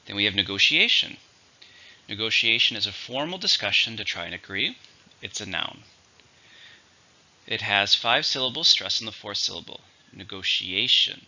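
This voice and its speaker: A man teaching English vocabulary in a slow, clear scripted lesson, repeating each word for learners. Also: fairly low pitch, sharp tone, dull audio.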